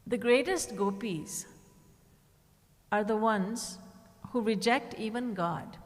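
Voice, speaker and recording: In a big retreat hall, a woman spiritual teacher with a fairly high voice speaks slowly through a devotional discourse. She tells stories and acts out what the characters say, shifting her tone as she quotes each one.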